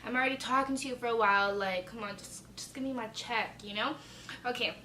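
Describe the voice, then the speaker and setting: Sharp-toned and brisk, a young adult vlogger's slightly high voice carries her chatty, dramatic storytime, profanity included. There's slight background noise, an echoey room, and a mic placed a bit far away.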